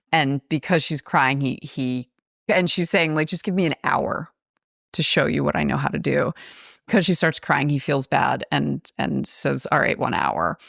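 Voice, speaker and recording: Woman podcast host, chatty plot recapper who acts out quotes, low and gravelly voice. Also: no echo, studio quality. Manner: chatty, animated retelling with quoted dialogue. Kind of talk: casual film recap.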